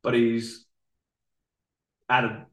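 A man's voice: medium pitch, very slow. A man hosting a casual podcast chat, a fight coach talking bluntly and with energy. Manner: blunt, animated, swears, repeats himself. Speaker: podcast host, combat sports coach. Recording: roomy echo.

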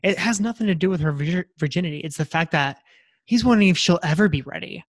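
A man with a slightly high voice, talking as a podcast co-host in a dry, close recording. He rambles earnestly and casually, circling back on his points with restarts. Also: fast talker, no room sound. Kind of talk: casual chat recapping a reality show.

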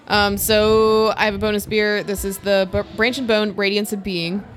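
A woman's voice: medium pitch, level tone, moderate pace, slight background noise. A woman co-hosting a casual podcast, chatting about beer and laughing at her own jokes. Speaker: podcast co-host. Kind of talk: casual chat over beer tasting.

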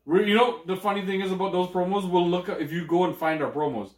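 A man's voice: high-pitched, steady tone, quick pace, reverberant. A man co-hosting a podcast, rambling and swearing in loose casual banter. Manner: rambling, laughing, swearing often. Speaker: podcast co-host.

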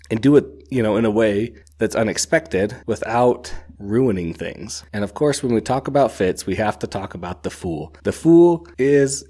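A man's voice: lowish voice, darkish tone, breathy edge. Enthusiastic man gushing about a book. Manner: enthusiastic, rambling, many "like"s. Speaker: book reviewer. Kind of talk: casual book discussion.

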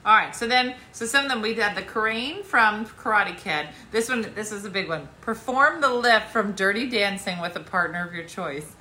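A woman's voice: mid-range voice, moderate pace, few pauses, sharp tone. A woman hosting a playful eighties trivia game, teasing her guest and laughing often. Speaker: host. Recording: echoey room.

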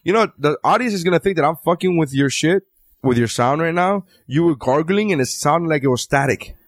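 A man's voice: on the high side, expressive, a little fast, dry recording. Sarcastic man in dry podcast banter. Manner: defensive, sarcastic, profane. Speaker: comedian, podcast host. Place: room with mics.

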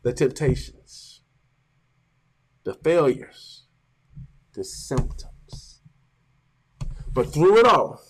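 A man's voice: a little high, expressive, drawn-out words, pauses often, slightly rough. A pastor preaching a sermon, building emphasis and stretching out his words.

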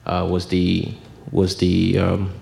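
Deep gravelly-voiced storytelling man. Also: monotone, takes it slowly, darkish tone. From Miami, Florida. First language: Haitian Creole. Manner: storytelling, acts out voices with laughter. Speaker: bandleader. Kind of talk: casual radio interview chat.

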